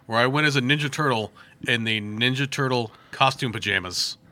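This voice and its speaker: A man's voice: medium pitch, a little fast, bright, forceful tone. A man co-hosting a podcast, telling stories with crude language and fillers. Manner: crude, swears a lot, storytelling with fillers. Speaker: podcast co-host. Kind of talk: casual chat.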